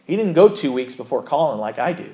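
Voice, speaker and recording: A man's voice: mid-range voice, sing-song, fast talker, dark tone. A man preaching a sermon as a pastor, earnest and conversational, often correcting himself mid-sentence.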